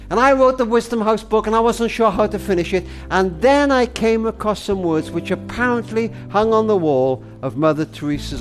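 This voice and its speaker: An older man telling a heartfelt story in a tender manner, speaking to a grandchild as darling. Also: high-pitched. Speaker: speaker and author.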